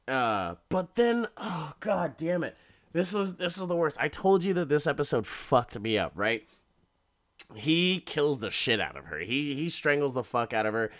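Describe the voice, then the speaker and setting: Young man, casual podcast recap. Drawn-out, deliberate delivery, profane and animated. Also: medium pitch. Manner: profane, animated, laughs while retelling. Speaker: podcast host recapping a horror episode.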